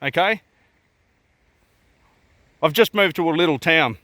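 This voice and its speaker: A man with an Australian accent rants straight to camera, blunt and profane, throwing out one rhetorical question after another. His voice is forceful and tense. It sits a little high for a man. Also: a little slow, dry recording. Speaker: vlogger. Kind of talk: ranting to camera.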